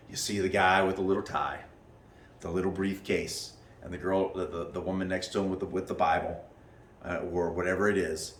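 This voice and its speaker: A man telling a story to his class as their teacher, animated, acting out what people said with many restarts. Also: sits low, moderate pace, reverberant, far from the mic, a little hiss or hum. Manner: animated, acts out quotes in raised voices, many restarts. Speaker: martial arts teacher leading a class. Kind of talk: storytelling lesson to students.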